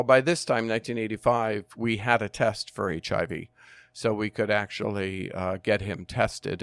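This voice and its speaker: An older man, a former firefighter and nurse, telling his story in an interview in an earnest, measured way with frequent ums and uhs. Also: fairly low pitch, clear, resonant tone, no room sound, studio quality.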